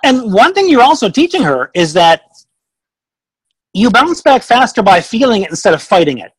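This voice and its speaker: A man's voice: sits high, big pitch swings, normal speed, a bit bright, breathy edge, no room sound, poor audio. A man appearing as an expert guest on a podcast, speaking in an emphatic, coaching way. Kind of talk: casual podcast conversation.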